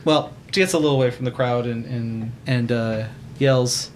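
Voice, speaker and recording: A man's voice: mid-range voice, fairly even intonation, moderate pace, few pauses, slight background noise. A man playing a tabletop game, describing his character's moves in a rambling, hesitant way. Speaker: player.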